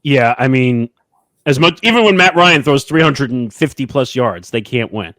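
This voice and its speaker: A man hosting a sports podcast segment, briskly announcing games and point spreads and giving his own takes. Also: medium pitch, lively intonation, fairly bright tone, no room sound, studio quality. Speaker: podcast host running the segment. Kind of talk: casual sports betting talk.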